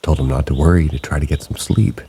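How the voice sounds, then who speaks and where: A man narrating submitted true ghost stories in a slow, hushed late-night storytelling manner. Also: steady tone. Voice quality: very deep gravelly voice. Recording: rain sounds behind the voice.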